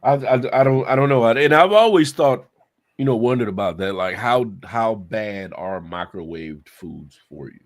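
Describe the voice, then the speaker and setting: Lively, swearing podcast man. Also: lowish voice, moderate pace. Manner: casual, swears freely, muses aloud. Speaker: podcast co-host. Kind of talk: casual chat.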